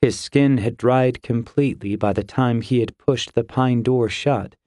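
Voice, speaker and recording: A man narrating a fantasy audiobook in a measured, even storytelling voice, recorded close in a quiet booth. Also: mid-range voice, no room sound.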